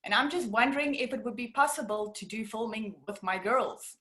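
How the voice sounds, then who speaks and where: A woman's voice: fairly high pitch, a little fast, bright, forceful tone. Cheerful South African woman caller. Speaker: caller asking a question. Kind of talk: casual chat.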